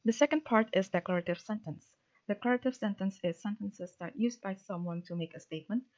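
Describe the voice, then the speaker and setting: A woman presenting linguistics research, reading a prepared academic talk in a steady, formal way with a few fillers. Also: medium pitch, brisk. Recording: dull lo-fi recording.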